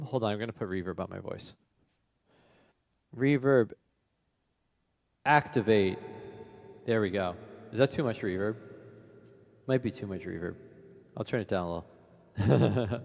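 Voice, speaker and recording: A man hosting a music request livestream who chats casually and thinks out loud, his voice running through a flanger effect. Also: lowish voice, animated, moderate pace, vocal fry, pauses often. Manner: rambling, thinks aloud, laughs at himself. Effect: flanger and reverb on his voice.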